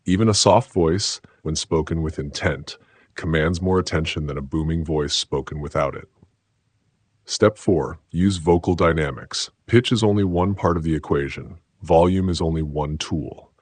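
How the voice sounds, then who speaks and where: A man giving scripted motivational narration in a slow, deliberate, measured way, with a very deep, husky voice. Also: no room sound.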